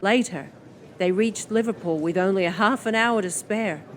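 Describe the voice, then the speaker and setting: A woman narrating an audiobook in a measured, descriptive way. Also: mid-range voice, a little hiss or hum. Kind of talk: scripted narration.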